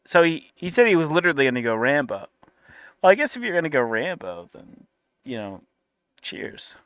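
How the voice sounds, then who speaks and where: A man's voice: a little high, big pitch swings, moderate pace, fairly bright tone, clear, resonant tone, no room sound. A man making a casual reaction commentary, sarcastic and incredulous, with laughing asides.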